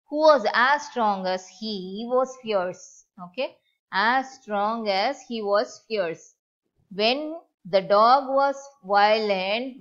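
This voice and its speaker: Lady teacher, goes slow, keeps repeating stuff and asking right?, muffled lo-fi audio. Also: mid-range voice. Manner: slow, repetitive explanation with checking questions. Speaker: school teacher. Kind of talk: explaining a story text to a class. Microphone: online class recording. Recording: dull lo-fi online class audio.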